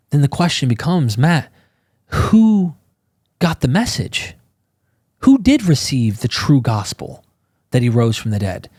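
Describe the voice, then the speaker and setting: A man talking casually as a podcast guest, animated and informal, acting out quotes in exclaiming voices. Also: mid-range voice, no room sound, studio quality. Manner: casual, swears and says bro.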